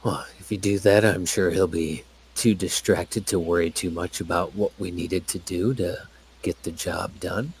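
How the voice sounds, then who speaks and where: A man playing a tabletop game, speaking in character in a measured, thoughtful way. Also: sits low, fairly even intonation, slight background noise. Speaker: player. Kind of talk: in-character role-play.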